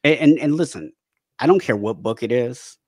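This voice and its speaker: A man speaking as a podcast guest and habit coach, talking casually with animated bursts and frequent restarts, sometimes acting out his own panicked thoughts. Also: mid-range voice, moderate pace, no echo, clean studio sound. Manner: animated storytelling, acting out panicked inner voices; frequent restarts and repeated words. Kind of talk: casual conversational interview.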